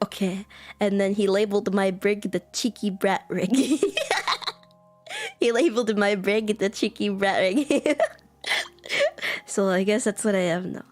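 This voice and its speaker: A woman's voice: mid-range voice, a little mellow. Giggly chatty American woman streamer. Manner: giggly, chatty, says like a lot. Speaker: VTuber streamer. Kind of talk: casual chat with live chat.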